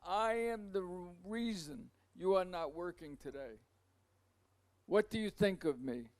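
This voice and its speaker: A man's voice: high-pitched, a little slow. A man voicing a smug, dandified male architecture critic who speaks with contempt. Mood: contemptuous. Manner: contemptuous, self-satisfied.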